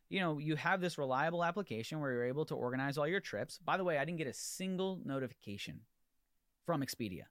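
A man hosting a podcast, telling an animated, exasperated story in a ranting solo monologue with many restarts. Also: on the high side, quick pace, no echo, clean studio sound. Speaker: podcast host.

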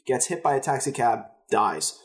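Young man calmly recapping a plot. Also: medium pitch, moderate pace. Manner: steady, narrating plot in order. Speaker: podcast co-host. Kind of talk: casual chat recap.

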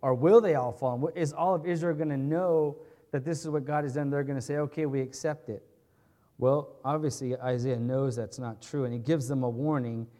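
A man's voice: medium pitch, steady tone, fairly quick, dark tone. A man preaching an expository sermon in a conversational, earnest way, often checking in with his listeners and restating his points. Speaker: pastor.

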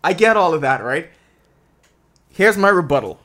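A man chatting casually about sports, animated and playfully exasperated. He is from the Bahamas, and his voice sits slightly higher than most men's. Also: normal speed.

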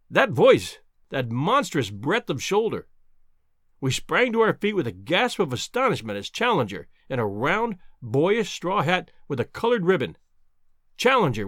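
Animated male audiobook narrator. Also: a little high, no echo, clean studio sound. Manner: animated, descriptive reading. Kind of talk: expressive scripted narration.

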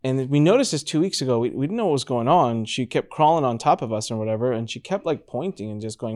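A man in his thirties hosting a podcast, telling stories in a lively, animated way. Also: medium pitch, fast talker, hardly any pauses. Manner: animated storyteller, mimics baby sounds. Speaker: podcast host. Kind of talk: casual panel chat.

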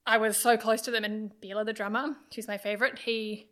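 A woman's voice: mid-range voice, fairly even intonation, brisk, pushed and bright. A woman, chatting enthusiastically as a podcast guest and telling a story with many fillers. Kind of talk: casual chat.

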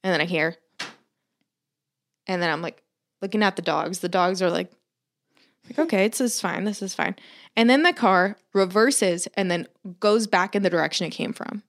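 A woman's voice: lowish voice, moderate pace, long pauses, fairly bright tone. A young adult woman co-hosting a podcast, telling a story in casual chat with dramatic quoted asides and plenty of swearing. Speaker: podcast co-host.

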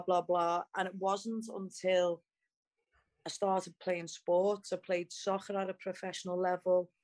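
A young woman with a Liverpool accent tells her story to interviewers in a candid, casual way. She talks bluntly, swears freely and fills her speech with "like". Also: on the low side. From Liverpool, England. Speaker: MMA fighter, interview guest.

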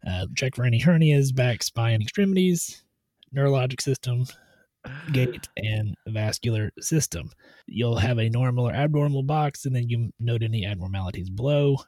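A man who gives medical exams, explaining his routine step by step in a steady, methodical way on a podcast. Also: medium pitch, moderate pace, no room sound. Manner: steady, methodical, tries to stay on task. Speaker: medical provider doing truck-driver physicals.

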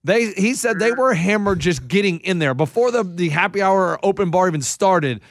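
A man's voice: high voice, normal speed, no room sound, clean studio sound. A man co-hosting a podcast, telling party stories in casual chat and often restarting his sentences. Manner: animated storytelling with restarts. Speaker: podcast co-host.

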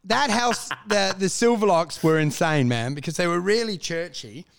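A man in casual podcast chat, an animated storyteller who swears freely. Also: high voice, normal speed, creaky, clear, resonant tone.

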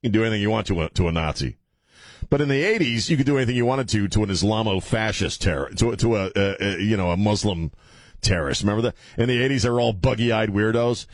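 A man's voice: lowish voice, fast, no echo, studio quality. A middle-aged man hosting a radio talk show, joking loosely and provocatively and laughing often. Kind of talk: casual radio banter.

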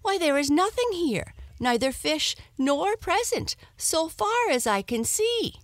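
Woman doing a shrill, alarmed old wife. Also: very animated, slow pace, no echo, exaggerated voice. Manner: cries out in disbelief.

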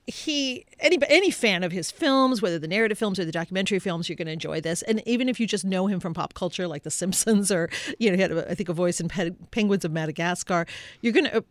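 A woman's voice: on the low side, animated, fast, dry recording. A woman film critic on a radio show, talking enthusiastically and chattily about a documentary, laughing easily. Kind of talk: radio film review discussion. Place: radio studio. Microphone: studio microphone.

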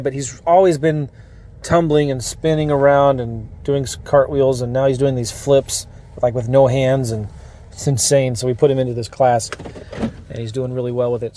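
A middle-aged man hosting a podcast, talking casually and earnestly from a parked car, with energetic restarts and rambling asides. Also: medium pitch, slight background noise. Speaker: podcast host and coach. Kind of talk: casual motivational podcast monologue.

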